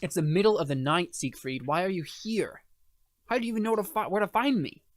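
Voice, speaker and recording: Irritable woman healer, played by a man, exasperated, scolding, raised pitch. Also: animated, fairly quick, no echo, studio quality.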